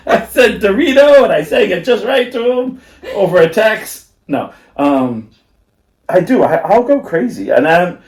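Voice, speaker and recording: A man's voice: high voice, very animated, unhurried. Rambling, giggly podcast guy in an echoey room. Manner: rambling, laughing storyteller with many fillers. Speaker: podcast co-host. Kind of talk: casual chat.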